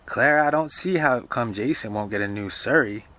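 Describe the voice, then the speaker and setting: A bossy, no-nonsense old housekeeper, as a man reading aloud puts her on. Her voice is pushed high and loud, scolding and ordering everyone about. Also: moderate pace, natural voice. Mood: grumbling. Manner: scolding, commanding.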